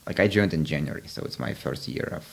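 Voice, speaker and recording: A man's voice: rumbling low, lively intonation, fast, creaky, breathy edge. A man hosting a podcast interview, explaining ideas in a reflective, casual way with frequent restarts. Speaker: podcast host.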